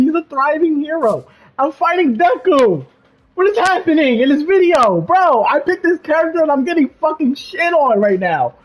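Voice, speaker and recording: A young woman loudly commentating her own gameplay, cursing and yelling at her opponents. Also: high-pitched, big pitch swings, normal speed. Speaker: gaming streamer. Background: game music.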